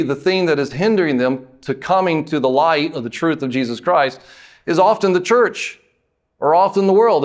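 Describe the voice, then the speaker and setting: This is a pastor from the United States delivering a sermon with real emphasis. His words get drawn out, his pitch and loudness jump without warning, and he slips in homespun remarks.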